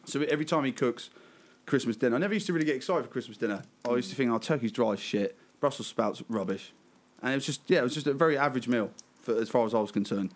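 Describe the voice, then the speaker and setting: A man around thirty rattles through a story at a fast clip, swearing freely and breaking into laughs. His pitch sits in an ordinary middle range, and the delivery is loose, chatty and unscripted. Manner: laughing, swearing, lively anecdote telling. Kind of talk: casual storytelling chat.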